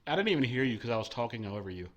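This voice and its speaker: Over dull audio, a man with a mid-range, sing-song voice rattles along rapid-fire as host of a live call-in stream. He is brash and profane, fielding callers with mock-patriotic banter.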